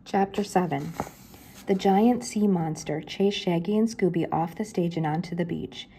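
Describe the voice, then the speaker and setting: A woman's voice: on the low side, moderate pace, dark tone, a little hiss or hum. An older woman, a grandmother, reading a children's mystery book aloud and lifting her voice for the characters' lines.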